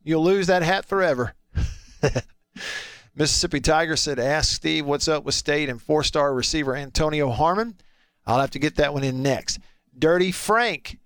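A chatty radio host, a man whose voice sits fairly high and sounds smooth and clear. He reads texts and teases callers with playful energy, close to a dry studio mic. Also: normal speed, a bit bright, no echo. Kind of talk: casual radio talk, reading listener texts.

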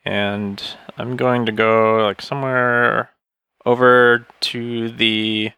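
A man's voice: mid-range voice, level tone, slow, pushed and bright, smooth, no room sound. A man playing a tabletop game, thinking aloud and hesitating as he plans his turn. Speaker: player. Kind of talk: casual tabletop play.

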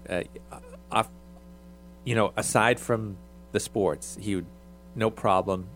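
A middle-aged man who coached youth basketball, chatting casually and haltingly with many restarts. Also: fairly low pitch, steady tone, a bit bright, faint music behind. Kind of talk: casual podcast chat.

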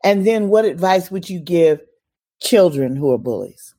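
Woman, podcast host, earnest, emphatic, warm mellow tone, dry close sound. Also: lowish voice, animated, measured pace, husky, dry recording. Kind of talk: podcast interview.

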